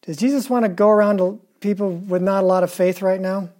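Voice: mid-range voice, steady tone, brisk, warm tone. A preacher giving a conversational sermon, asking the listeners questions and retelling scripture in casual, everyday words.

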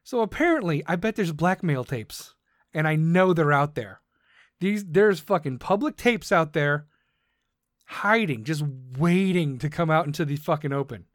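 A man's voice: on the high side, animated, moderate pace, no room sound, clean studio sound. Profane, ranting male podcast host. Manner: profane, combative, sarcastic; mocks others in put-on voices. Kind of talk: ranting monologue.

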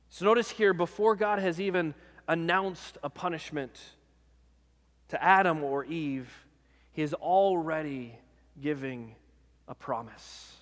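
A man's voice: a little high, measured pace, a bit bright, big-room sound. A man, a pastor, preaching a sermon in a conversational way, often checking in with the congregation.

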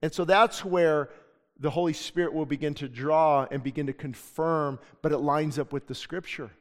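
In the sanctuary of a church, a middle-aged man delivers a sermon with a fairly high, steady voice at a normal speed. He's earnest and chatty, sharing personal stories, and the recording carries long church-hall reverb.

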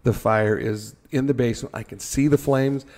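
A man telling a firefighting story in a casual podcast chat, animated and joking at his own expense. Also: mid-range voice, normal speed. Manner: animated, acts out his own panicked thoughts, jokes at himself.

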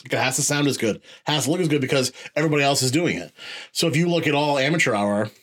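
A man's voice: mid-range voice, quick pace, a bit bright. A man from Maine hosting a podcast in casual chat, joking in a wry way. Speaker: podcast host.

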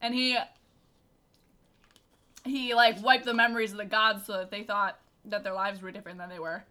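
A woman's voice: mid-range voice, level tone, moderate pace, bright, forceful tone. A young woman co-hosting a podcast in casual chat, talking in a playful, teasing way and filling her talk with "like". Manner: chatty, full of "like" fillers, playful teasing. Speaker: podcast co-host.

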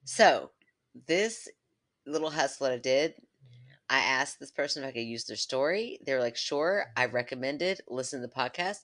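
A woman's voice: a bass voice, normal speed. A woman from the United States co-hosting a podcast, chatting casually and reading a listener story aloud, laughing often. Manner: giggly, animated, laughs often. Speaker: podcast co-host.

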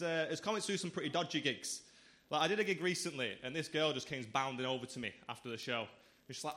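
A man's voice: a little high, bright, forceful tone, slight background noise. A man doing a stand-up set in a comedy club, chatting cheekily with the crowd. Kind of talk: stand-up routine.

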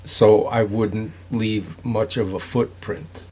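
A man in a casual group discussion making slow, joking remarks. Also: lowish voice, steady tone, dark tone, slightly rough. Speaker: discussion participant.

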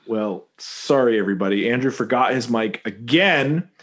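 A man's voice: mid-range voice, normal speed, a bit bright. A man co-hosting a casual movie-review chat, rambling and jokey, often correcting himself mid-sentence. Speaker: podcast co-host.

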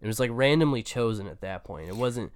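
A man's voice: fairly low pitch, lively intonation, a little fast, dry recording. A young man casually telling stories in a chat, laid-back and swearing freely. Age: young adult.

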